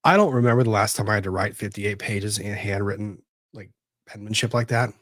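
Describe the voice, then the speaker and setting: A low-pitched man hosts an unhurried legal commentary stream, muttering to himself as he digs through files. The sound is dry and close, with no room around it. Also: a bit bright, no room sound. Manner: rambling, talks to himself while searching documents. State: disorganized after moving. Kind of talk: casual livestream commentary.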